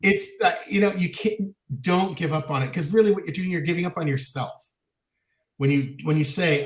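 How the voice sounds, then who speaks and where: A man's voice: fairly high pitch, normal speed, roomy sound. A man co-hosting a talk show, speaking candidly and animatedly, sometimes mocking others in quoted voices. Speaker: podcast co-host. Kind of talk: casual chat.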